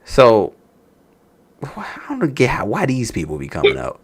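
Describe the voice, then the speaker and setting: The speaker is a man with a mid-range voice at an ordinary pace. He's loosely reviewing a wrestling show in animated, profane reaction chat, trading stories and laughs.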